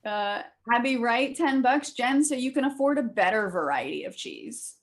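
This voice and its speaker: Upbeat woman cohost reading tips off a list, kinda high voice. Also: lively intonation, moderate pace. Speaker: co-host reading donations. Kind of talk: reading donation messages. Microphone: video call.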